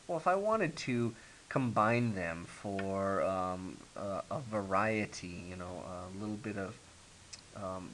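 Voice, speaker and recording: A man's voice: on the low side, a bit bright, poor audio. A man teaching a grammar lesson, explaining step by step with frequent ums and okays. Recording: faint hiss.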